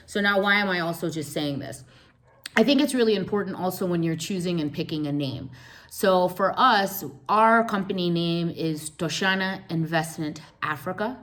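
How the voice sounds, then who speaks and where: A woman hosts a motivational business talk with a low-pitched voice. She hammers home words by repeating them and often checks in with "right?" and "does that make sense?". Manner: emphatic, repeats key words, frequent rhetorical "right?". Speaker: host.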